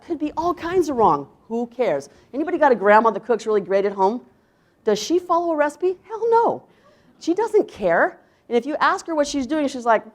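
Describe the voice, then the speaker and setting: A woman's voice: a little high, sing-song, fairly quick. A woman chef giving a conference talk, emphatic, asking the audience rhetorical questions and acting out quoted voices. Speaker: chef presenter.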